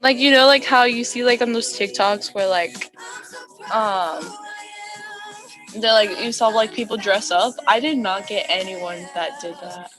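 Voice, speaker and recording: A young woman co-hosting a casual podcast chat, animated and full of fillers. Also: mid-range voice, measured pace, soft background music. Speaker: podcast co-host.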